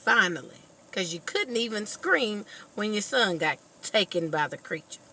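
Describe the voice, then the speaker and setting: A woman vlogger recaps a film plot in a casual, animated way and reacts with strong feeling as she goes. Her voice is bright and ringing, at a middle pitch. Faint ambient noise sits behind her. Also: moderate pace, low-quality recording. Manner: animated, expressive storytelling. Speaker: vlogger reviewing a movie.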